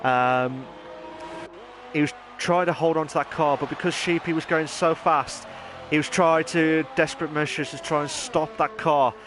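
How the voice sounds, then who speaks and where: A man giving chatty live commentary on an online racing league, rambling and then bursting into excited shouts. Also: on the high side, normal speed, background noise. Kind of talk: live esports race commentary.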